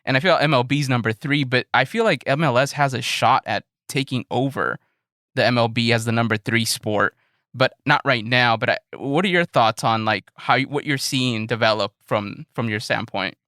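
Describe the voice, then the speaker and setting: A man's voice: mid-range voice, normal speed, sharp tone, dry recording, studio quality. A man co-hosting a podcast, asking a long, rambling question in a casual way. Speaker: podcast co-host. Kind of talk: casual interview chat.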